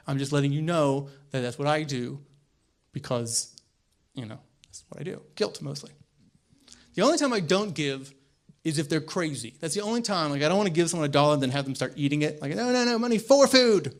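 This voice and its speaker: Stand-up comic, young man, slightly high voice, quick delivery that jumps into loud acted-out characters. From American South. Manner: quick, animated, acts out voices with sudden loud bursts. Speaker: stand-up comedian. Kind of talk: stand-up set. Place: comedy club stage.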